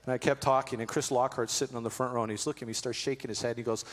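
A man in his forties preaching a sermon as pastor, telling stories with animated energy and then softening to earnest, quiet tones. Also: mid-range voice, very fast. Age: 40s. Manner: animated storytelling, drops to soft earnest tones. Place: church auditorium. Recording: long reverb of a large hall.

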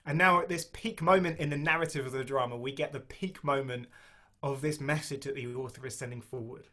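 A man preaching a sermon and reading scripture aloud, slowing down to stress key phrases and speaking conversationally with small restarts. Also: mid-range voice, fairly even intonation, bright, forceful tone.

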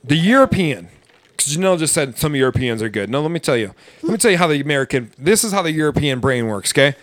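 A man's voice: on the high side, sing-song, fast talker, fairly bright tone, no echo. A man who hosts a podcast and works as a server, chatting casually in a blunt, profane, ranting way. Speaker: podcast host and restaurant server. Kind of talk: casual chat.

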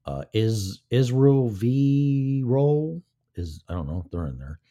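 A man hosts a live-stream show with a mid-range, animated voice, a slow pace and a dark tone. He rambles and swears casually, just killing time, his mic set off to the side of his mouth.

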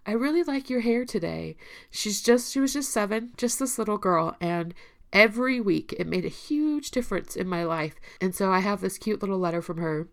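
A woman with a somewhat low voice and a gravelly fry, talking earnestly about her recovery. She addresses listeners directly and encourages them. At times she becomes emotional and laughs softly. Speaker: recovery speaker. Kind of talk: personal talk showing her emergency kit.

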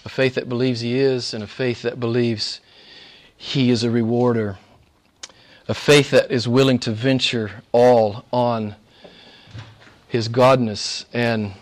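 Before a live congregation, a man preaches a sermon of exhortation, asking rhetorical questions and dropping to hushed whispers before building to fervent shouts. His voice is medium in pitch.

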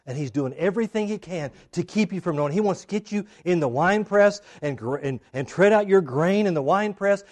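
A man preaching a sermon, acting out the people in the story with big swings in loudness and emphasis. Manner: animated, acts out quoted voices with big swings in pitch and loudness. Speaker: pastor.

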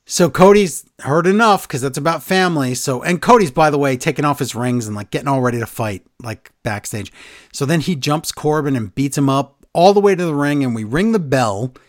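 A man's voice: a little high, animated, normal speed, no room sound, clean studio sound. A man in casual chat, animatedly retelling events and quoting people in funny voices. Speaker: podcast co-host recapping wrestling.

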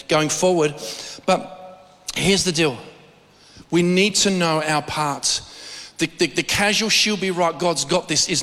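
A middle-aged Australian man preaching from the pulpit, his fairly high voice climbing when he gets going. He often repeats words as he builds his point. A long reverb from a large church hall trails behind him. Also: pushed and bright. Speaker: pastor. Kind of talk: sermon.

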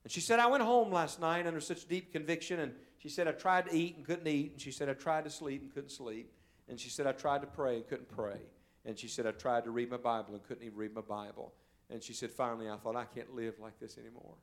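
A male evangelist preaching a sermon in a church service, telling stories and swinging from loud, urgent calls to quiet, hushed moments. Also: medium pitch, steady tone, a little fast. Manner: storytelling preacher, swells loud then drops to a hush.

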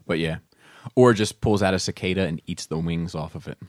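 A man's voice: low voice, a little fast, no echo, clean studio sound. A man co-hosting a casual podcast about comics and films, rambling, swearing and laughing often. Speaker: podcast co-host.

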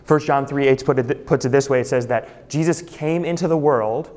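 A man's voice: medium pitch, moderate pace, a little mellow, big-room sound. A male pastor preaching a sermon, emphatic, repeating key phrases for stress.

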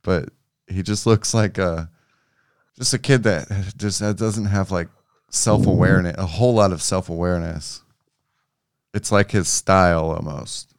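A man with a deep, very smooth voice chats casually about a basketball game. His talk is relaxed and loose, and the sound is dry and close. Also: unhurried, no room sound. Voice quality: relaxed, restarts and trailing phrases. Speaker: podcast co-host. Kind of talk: casual sports chat.

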